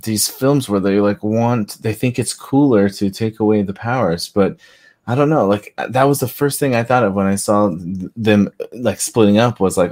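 A man's voice: fairly low pitch, normal speed, a little mellow. A man on a movie review podcast, talking casually and hesitantly, with lots of "like" and "um". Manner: hesitant, many fillers like "like" and "um". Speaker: podcast panelist.

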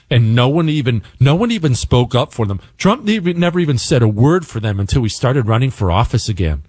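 A man hosting a radio talk show, delivering an emphatic opinion monologue and slowing down to hammer his points. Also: medium pitch, darkish tone, no room sound, studio quality.

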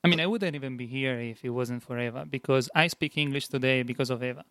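A man's voice: mid-range voice, quick pace, a bit bright, dry recording. A man from Italy with an Italian accent, a guest in a casual interview, telling his story plainly and earnestly.

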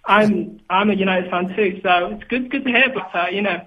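A man with a Liverpool accent calling in over a thin, phone-like line, his voice high for a man. He rambles with lots of fillers and stays good-humored throughout. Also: brisk. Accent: Liverpool English. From England. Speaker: caller. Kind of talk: casual phone call.

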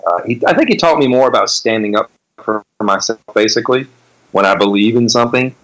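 A man in his forties, a guest in a casual interview, telling animated road stories and swearing freely. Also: mid-range voice, quick pace, low-quality recording. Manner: animated storyteller, swears freely, acts out quotes.

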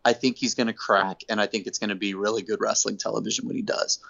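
A man hosting a casual chat, an animated storyteller who acts out quotes. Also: lowish voice, quick pace, vocal fry. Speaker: podcast host. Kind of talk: casual wrestling recap chat. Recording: dull lo-fi recording.

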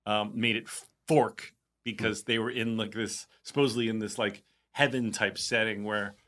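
A man's voice: on the low side, steady tone, normal speed, pushed and bright. A man co-hosting a podcast in casual chat, joking and rambling with many fillers. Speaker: podcast co-host.

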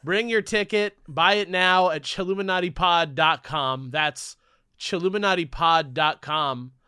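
A man's voice: a little high, a little slow, bright, forceful tone, clean tone, no echo, clean studio sound. A man co-hosting a podcast in casual, jokey banter, riffing and laughing often. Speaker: podcast co-host. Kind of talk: casual comedic chat.

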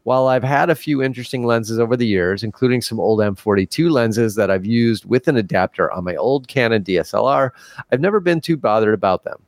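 A man's voice: medium pitch, animated, brisk, no room sound. A man co-hosting a casual podcast, reading a listener's email aloud with stumbles and self-deprecating laughs. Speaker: podcast co-host.

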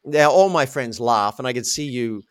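A man telling a candid, self-mocking story as a guest in a podcast interview, with lively animated delivery. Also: mid-range voice, moderate pace, no echo, clean studio sound. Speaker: guest, coach.

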